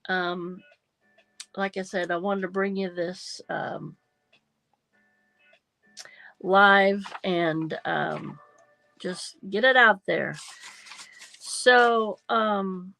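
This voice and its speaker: A middle-aged woman hosts a casual crafting livestream from home, her voice nasal and congested from feeling unwell. She talks slowly in a rambling, apologetic way, with a gravelly edge, dry close sound and faint music behind her. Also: mid-range voice, bright, forceful tone, no echo. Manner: rambling, apologetic, many ums and restarts. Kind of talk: casual livestream chat while junk journaling.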